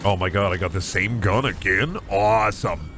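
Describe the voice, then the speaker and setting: A man's voice: sits low, moderate pace, pushed and bright, slight background noise. A male streamer giving casual gaming commentary, rambling and swearing freely.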